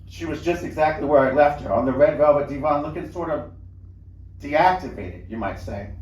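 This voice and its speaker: A man's voice: fairly high pitch, normal speed, a little mellow. Man telling a story in a roomy lounge. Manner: conversational storytelling with small restarts. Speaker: reader. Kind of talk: live reading of a first-person story. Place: cabaret lounge, live show. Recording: roomy lounge, mic at a distance.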